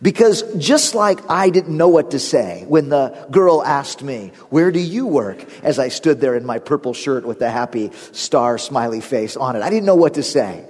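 A man's voice: mid-range voice, animated, moderate pace, few pauses, darkish tone. A man preaching a sermon as pastor, telling stories animatedly and laughing often. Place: church sanctuary. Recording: long reverb of a church hall.

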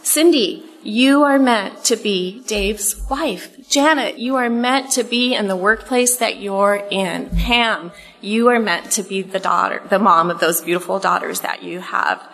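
A woman's voice: medium pitch, unhurried, gravelly, a bit bright, poor audio. A middle-aged woman giving an earnest, conversational Bible teaching to a women's group in a room. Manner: earnest, conversational, emotional at times.

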